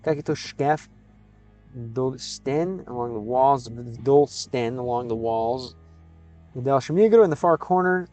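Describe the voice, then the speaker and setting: Man slowly sounding out Russian words. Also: medium pitch, mellow, soft background music. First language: English. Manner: sounds out Russian words haltingly, thinking aloud. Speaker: streamer. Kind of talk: casual live-stream chat.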